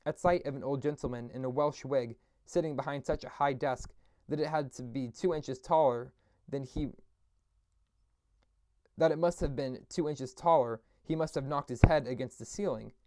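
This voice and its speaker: A man's voice: mid-range voice, normal speed, no echo, studio quality. Man reading a classic novel aloud. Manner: steady reading with occasional slips and restarts. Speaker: audiobook reader.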